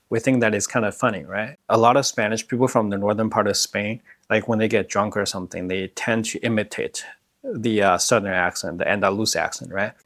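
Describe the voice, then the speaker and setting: A man's voice: lowish voice, a bit bright, dry recording, studio quality. A man hosting and explaining to camera in a casual way, peppering his talk with "like" and "right". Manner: casual, many fillers like "like" and "right". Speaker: host and language teacher.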